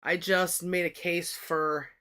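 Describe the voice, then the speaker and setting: A woman's voice: on the low side, flat delivery, slow, fairly bright tone, clean tone. A woman hosting a livestream in loose, rambling chat, swearing often and restarting her sentences. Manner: profane, rambling, with frequent restarts. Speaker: livestream host.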